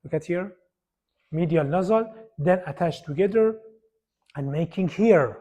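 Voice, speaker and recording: Male lecturer, high voice, repeats key terms while pointing at slides. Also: unhurried, warm tone. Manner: repetitive, pointing at slides, non-native phrasing. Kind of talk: university lecture.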